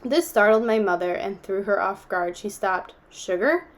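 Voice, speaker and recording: A woman reading a novel aloud, telling the story steadily and giving the characters gentle voices. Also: mid-range voice, fairly even intonation, normal speed. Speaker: audiobook reader.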